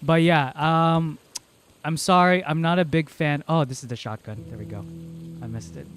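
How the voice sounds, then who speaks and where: A man's voice: a little high, fairly bright tone, slight background noise. A man from the American South chatting casually and rambling through stories while streaming a horror game. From Southern United States. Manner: rambling, chatty storytelling, quick laughs. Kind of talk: casual chat while playing.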